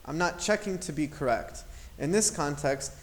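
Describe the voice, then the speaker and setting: A man's voice: a little high, lively intonation, moderate pace. Patient man teaching English grammar. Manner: patient, explanatory, models intonation aloud. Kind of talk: grammar lesson.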